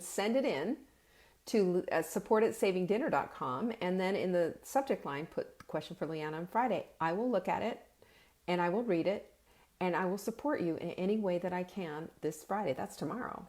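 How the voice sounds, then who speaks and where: Woman host, casual live-stream chat, lowish voice, animated, lots of restarts. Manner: chatty and animated, with frequent restarts and self-corrections; breaks into laughter. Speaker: host of a nutrition and cooking show.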